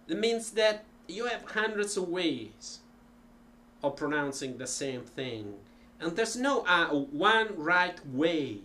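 A man teaching languages in an unhurried, hesitant way, demonstrating phrases aloud. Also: a little high, very animated, pushed and bright, slight background noise. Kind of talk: informal language lesson.

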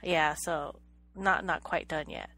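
A woman's voice: low voice, fairly even intonation, slow, sharp tone, dry recording. A woman co-hosting a podcast in casual chat, hesitant, often repeating words and laughing. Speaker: podcast co-host.

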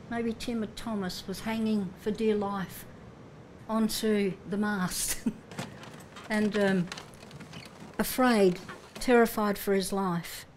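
A woman's voice: fairly high pitch, steady tone, slow pace, a little hiss or hum. A woman preacher telling a Bible story vividly in a Sunday sermon, with frequent restarts.

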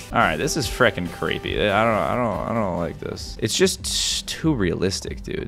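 A young man giving jumpy, excitable let's play commentary as he explores a creepy game, breaking into sudden shouts and laughs. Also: lowish voice, normal speed, few pauses, over music. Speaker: gaming YouTuber.

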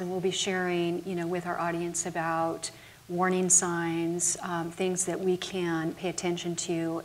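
A woman talk show host guiding an interview with measured, gentle questions. Her voice sits low and stays flat and even. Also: slight background noise.

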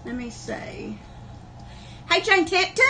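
Filmed by a camera on a wobbly tripod, with slight background noise, a woman runs a live online sale. Her very high voice is bright and pushed, slow, with huge pitch swings, and she keeps up folksy livestream chat, greeting viewers by name.

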